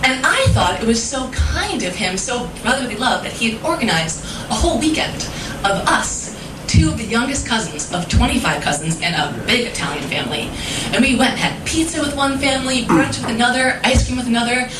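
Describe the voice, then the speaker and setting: A woman's voice: a little high, animated, brisk. A young woman telling an earnest, emotional personal story on a stage, heard from a distance. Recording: roomy live recording from far off, audible noise.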